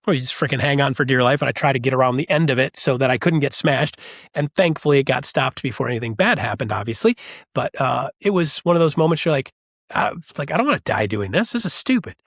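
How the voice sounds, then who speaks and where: A man telling animated stories as a podcast guest, acting out the voices of people he quotes. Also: medium pitch, fast talker, no room sound, clean studio sound. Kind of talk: casual storytelling chat.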